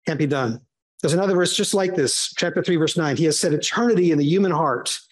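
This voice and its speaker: A man teaching a small Bible study group in a conversational way, acting out the voices he quotes. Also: fast talker. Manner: conversational, acts out quoted voices with big pitch jumps.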